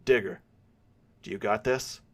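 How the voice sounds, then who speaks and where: A man's voice: fairly low pitch, a little slow, a bit bright. A man voicing a bold, scheming young woman in a storytelling reading. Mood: eager.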